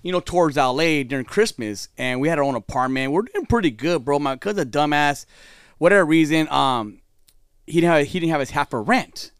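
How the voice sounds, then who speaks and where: A man's voice: on the high side, expressive, fairly quick, clear, resonant tone, no echo, clean studio sound. A man telling a story in casual chat, laid-back, with slang and swearing. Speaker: podcast co-host.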